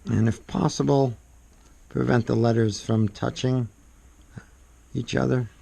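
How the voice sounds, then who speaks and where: A soft-spoken man demonstrating calligraphy in a casual, rambling way, often trailing off into murmurs as he writes. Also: mid-range voice, steady tone, a little slow, creaky, slightly rough. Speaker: calligraphy instructor. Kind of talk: casual demonstration while writing.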